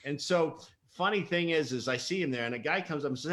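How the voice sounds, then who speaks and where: A bright, forward-voiced middle-aged man chatting on a live interview. He tells stories with lots of energy, acts out other people's lines and laughs easily. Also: fairly high pitch, fairly quick. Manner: animated storyteller, laughs often, acts out quotes. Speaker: guest, mental performance coach. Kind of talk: casual livestream interview.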